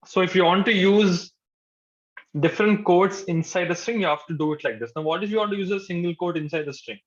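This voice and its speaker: A man's voice: high-pitched, fast. A male programming instructor, giving a live coding lecture to a class. He repeats his points patiently and says "okay" often. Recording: dull lo-fi sound.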